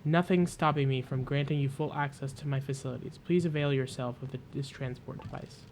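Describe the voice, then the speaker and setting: A man voicing a calm, emotionless ancient facility AI in a measured, formal way. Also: mid-range voice, a little hiss or hum, lightly acted.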